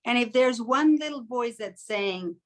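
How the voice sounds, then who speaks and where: A woman's voice: a little high, expressive, a little slow. A woman co-hosting a podcast in casual chat, reflective and acting out inner voices in little quoted asides. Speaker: podcast co-host.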